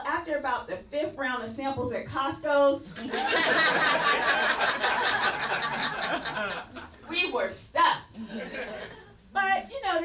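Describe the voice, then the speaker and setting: A woman's voice: high-pitched, echoey room, far from the mic, heavy background noise. A woman doing a stand-up comedy set on a club stage, chatty and laughing at her own punchlines.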